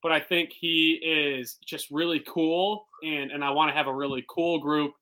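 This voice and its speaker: A man's voice: fairly high pitch, level tone, normal speed, bright, forceful tone. A man co-hosting a podcast, chatting in an easygoing, laid-back way. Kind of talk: casual chat.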